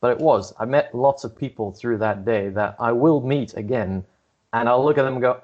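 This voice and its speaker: A man raised in Scotland chats easily as a guest and laughs often between his sentences. His voice sits in a middle pitch. The recording sounds dull and lo-fi, with its top end cut off. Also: moderate pace. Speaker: guest speaker. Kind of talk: casual chat.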